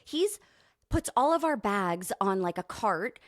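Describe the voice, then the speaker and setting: Animated American woman storyteller. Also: mid-range voice, unhurried, no room sound, studio quality. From California, USA. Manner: animated storyteller, laughs often. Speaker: guest co-host. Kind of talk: casual podcast chat.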